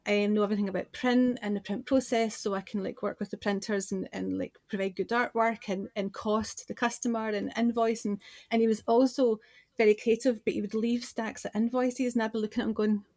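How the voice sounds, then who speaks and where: This forties-aged businesswoman and designer from Scotland talks briskly in a slightly high, somewhat mellow voice with fairly even intonation and no echo. As a podcast guest in a relaxed interview, she tells stories chattily and frequently starts over.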